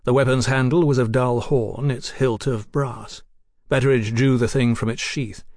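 A man reading a novel aloud as an audiobook narrator, in a measured, descriptive way. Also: medium pitch, steady tone, darkish tone, no echo, studio quality.

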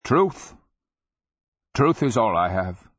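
A man's voice: lowish voice, very animated, slow pace, breathy edge, no room sound, voice pushed up, exaggerated voice. A man voicing a frail, stubborn old wizard who pleads and cries out in a strained voice. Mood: pleading. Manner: pleading, then crying out. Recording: dull lo-fi dry recording.

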